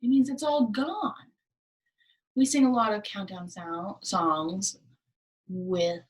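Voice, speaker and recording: Slow, sing-song woman teaching preschoolers. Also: mid-range voice, expressive. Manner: slow, sing-song talk to toddlers, drops to soft whispers. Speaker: children's library program presenter. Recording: voice a bit distant from the mic.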